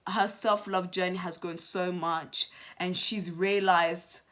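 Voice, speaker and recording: A young woman commenting on a reality TV episode to her channel viewers, chatty and animated, repeating herself and saying "like" often. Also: fairly low pitch, slow. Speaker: YouTube reality show commentator. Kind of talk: casual commentary to camera.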